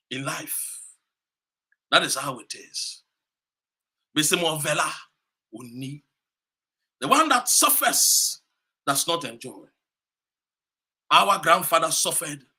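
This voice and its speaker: A man from Ghana giving an impassioned political speech, preaching fiercely and hammering points through repetition, with shouted peaks. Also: on the high side, expressive, slow, long pauses, slightly rough. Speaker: political commentator.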